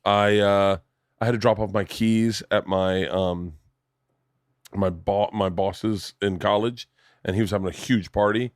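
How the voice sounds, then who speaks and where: Low-voiced man telling stories on a podcast. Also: a little slow, no room sound, studio quality. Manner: animated storyteller, acts out voices in his stories. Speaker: podcast host. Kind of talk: casual chat. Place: home studio.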